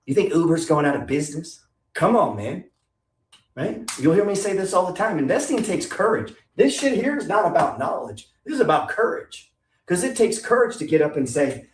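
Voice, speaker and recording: A man's voice: high-pitched, big pitch swings, normal speed, a little hiss or hum. Blunt, swearing man in an echoey room. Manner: blunt, swearing, rhetorical questions. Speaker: investing coach. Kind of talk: profane motivational talk. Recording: echoey room, distant from mic.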